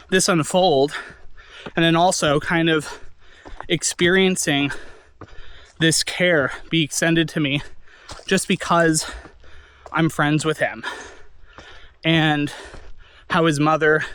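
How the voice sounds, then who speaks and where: A man in a reflective personal monologue, teary and sniffling, talking haltingly with long pauses and apologies. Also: a little high, steady tone, fairly bright tone, slight background noise. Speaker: vlogger.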